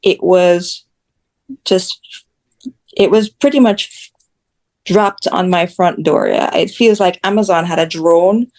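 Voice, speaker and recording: A woman's voice: on the low side, takes it slowly, long pauses, a little mellow. Blunt woman telling her story. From Jamaica. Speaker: guest. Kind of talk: casual interview chat.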